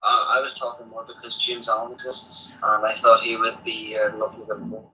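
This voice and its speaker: A man's voice: medium pitch, completely flat delivery, fairly quick, sharp tone. A man chatting casually, replying briefly and with questions. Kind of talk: casual chat. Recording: distant mic with faint background noise.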